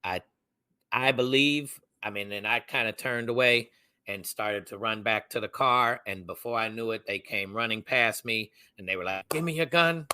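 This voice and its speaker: A young man co-hosting a podcast, telling a story in a casual, animated way. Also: fairly low pitch, normal speed, smooth, no room sound. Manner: animated, acts out quoted voices. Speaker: podcast co-host.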